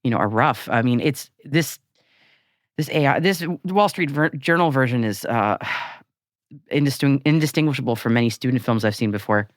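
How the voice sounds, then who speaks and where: A woman co-hosting a podcast in casual chat, animated and laughing often, with frequent restarts. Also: a bass voice, normal speed, no room sound, studio quality. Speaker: podcast co-host.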